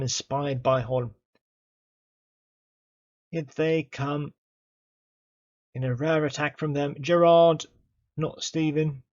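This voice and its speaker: A man commentating his own football management game, excitable and chatty, cheering on his players and talking to them. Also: a little high, muffled recording. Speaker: gaming YouTuber.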